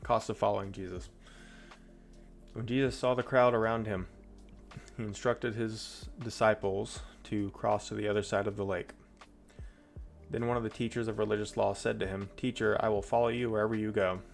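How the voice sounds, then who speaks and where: A man's voice: fairly low pitch, steady tone, normal speed, vocal fry, soft background music. A man streaming, reading Bible passages aloud and breaking off into chatty, loose asides. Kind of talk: casual Bible reading with commentary.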